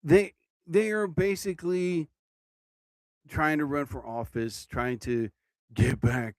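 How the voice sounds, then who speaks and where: Slow and drowsy, the podcast host speaks in a steady, somewhat high voice while running his own livestream. He rambles casually, meanders, and yawns as he goes, and the audio carries no room sound.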